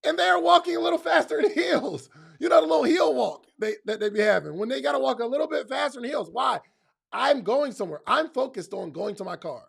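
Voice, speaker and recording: A man's voice: very high-pitched, animated, fairly quick, gravelly, a bit bright, breathy edge. A man giving a motivational talk in casual slang, emphatic and speaking straight to his listeners, often repeating phrases for effect.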